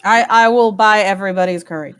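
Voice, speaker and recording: A woman's voice: mid-range voice, fast, fairly bright tone, clear, resonant tone. A woman playing a tabletop game, talking in a casual, teasing way. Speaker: player. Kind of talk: tabletop role-play.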